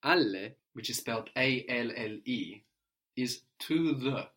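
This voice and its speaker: A man's voice: mid-range voice, measured pace, fairly bright tone. A man teaching a spoken language lesson, patient and explanatory, who often tags his sentences with a questioning "no?".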